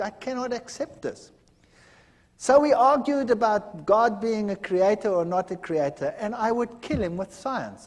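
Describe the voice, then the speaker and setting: An older man giving a personal testimony, telling his story with animated, acted-out dialogue. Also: high-pitched. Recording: hall reverb.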